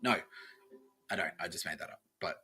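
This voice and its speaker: A young Australian man hosts a podcast, rambling through a profane, sarcastic comedy monologue and often laughing at himself. His voice sits low, and he talks briskly with a sharp tone over slight background noise.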